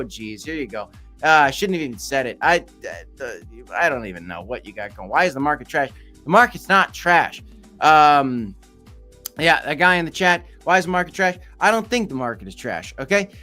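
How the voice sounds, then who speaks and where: A man's voice: fairly high pitch, fairly bright tone. Chatty man hosting a crypto livestream. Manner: loose, joking, talks back to chat. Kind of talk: casual livestream chat reading viewer comments.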